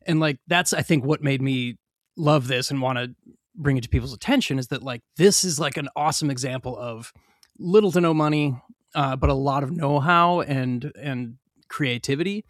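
A man co-hosting a podcast, talking in an animated, rambling way with many fillers. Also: mid-range voice, moderate pace, no echo, clean studio sound. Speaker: podcast co-host. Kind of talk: casual chat.

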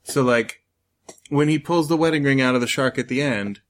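A man's voice: medium pitch, normal speed. A man with a mid-range voice mocks a ridiculous movie in a casual podcast chat. His commentary is sardonic and cutting, and he laughs at the plot's absurdities. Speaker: podcast co-host.

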